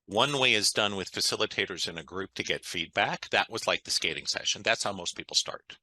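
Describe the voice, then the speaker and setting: A man's voice: lowish voice, animated, fairly quick, pushed and bright, no room sound, low-quality recording. A man, a guest on an interview, talking in an enthusiastic, conversational way and often checking in with "right?". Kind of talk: interview storytelling.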